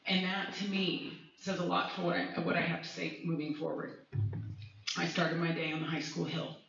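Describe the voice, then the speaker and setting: A woman's voice: on the low side, little pitch movement, normal speed, gravelly, fairly bright tone. A woman music teacher speaking with feeling at a school community meeting, personal and rambling with restarts. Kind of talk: emotional public speech at a community meeting. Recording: echoey hall from far off, dull.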